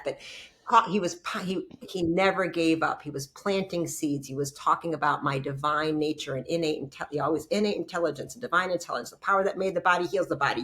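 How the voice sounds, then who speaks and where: A woman chiropractor telling her story in an interview, blunt and animated, acting out past conversations and swearing freely. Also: lowish voice. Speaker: chiropractor and podcast guest.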